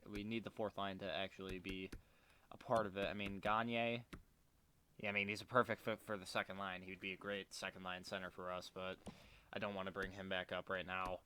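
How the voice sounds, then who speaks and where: Brief: male gamer commentator, lowish voice with a bright edge, swears and mutters over a management sim. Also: slight background noise. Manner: frustrated, swearing, muttering to himself. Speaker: gaming video creator. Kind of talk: casual gameplay commentary.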